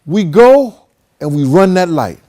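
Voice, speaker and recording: A man's voice: high voice, big pitch swings, unhurried, mellow. A man hosting a show who tells a story casually and with animation. He swears often and acts out the voices of the people in it. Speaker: host.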